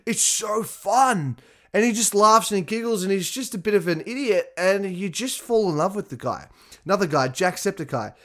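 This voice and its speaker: A young man talking on his own podcast in an animated, casual way, swearing freely and making asides to his listeners. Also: fairly high pitch. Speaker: podcast host. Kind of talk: casual solo podcast talk.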